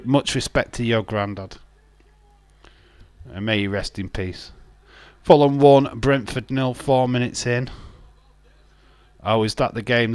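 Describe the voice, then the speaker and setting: This man has a lowish voice, recorded with no echo, as he hosts a live stream. He chats casually, reads out chat messages, and teases viewers in a jokey way, laughing often.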